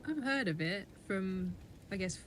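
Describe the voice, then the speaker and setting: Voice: mid-range voice, expressive, fairly bright tone, slight background noise. Co-host, giggly, teasing casual chat. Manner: giggly, quick to laugh, teasing.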